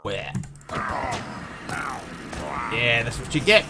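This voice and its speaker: A man's voice: mid-range voice, very animated, extremely slow, over music. A man streaming a game, chatting casually and rambling as he thanks viewers. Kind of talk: casual live-stream chat while gaming.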